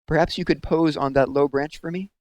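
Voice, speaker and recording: A man voicing a sweet, gentle young woman in a storybook. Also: a little high, steady tone, a little fast, no echo, voice pushed up, natural voice. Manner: gentle and kind.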